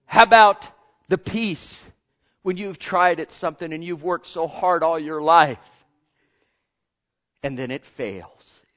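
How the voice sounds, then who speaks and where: A man preaching a sermon with passion, swinging between loud pleading and hushed, almost whispered lines. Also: fairly high pitch, measured pace. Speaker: pastor. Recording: lo-fi dull sound.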